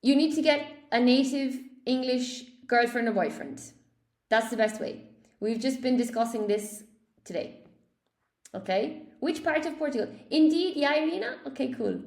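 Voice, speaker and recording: Irish woman, English teacher on a live stream, chatty and a touch high-pitched. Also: lively intonation, normal speed, gravelly, a little mellow. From Ireland. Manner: chatty, reads out viewer comments. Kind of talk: casual livestream lesson. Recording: echoey room.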